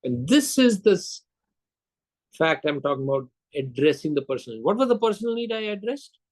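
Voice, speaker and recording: A man's voice: a little high, sing-song, fairly quick, low-quality recording. Older man telling sales stories. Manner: storytelling, acts out dialogue, quizzes the audience. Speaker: sales lecturer. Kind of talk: lecture with anecdotes.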